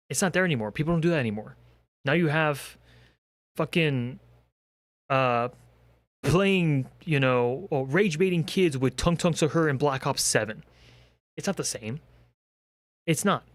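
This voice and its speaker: A man's voice: mid-range voice, no echo. Profane ranting young man, dry sound. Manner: exasperated, profane, ranting with rhetorical questions. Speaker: commentary creator. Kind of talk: comedic rant.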